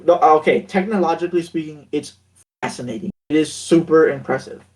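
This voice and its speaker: A man's voice: fairly high pitch, fairly quick, rough recording. A man co-hosting a casual podcast over a voice call, joking and sarcastic, laughing often.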